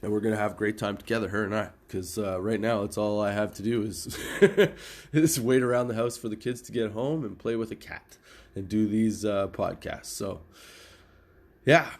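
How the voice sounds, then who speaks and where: A man's voice: fairly low pitch, moderate pace. A middle-aged man hosting a comedy podcast, telling a casual story with lots of swearing and laughing at his own jokes. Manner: profane, animated, laughs at own stories. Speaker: podcast host.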